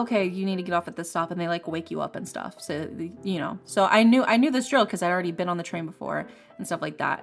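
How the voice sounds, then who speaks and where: A young woman streamer chatting casually, telling a rambling, animated story with frequent restarts and laughs. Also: mid-range voice. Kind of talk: casual storytelling while playing a game.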